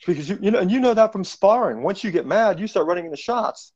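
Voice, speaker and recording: A man's voice: high voice, expressive, fast, a little mellow. A middle-aged man hosting a casual podcast conversation about martial arts, telling stories and acting out jokes. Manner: storytelling, acts out joke voices. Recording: dull lo-fi podcast audio.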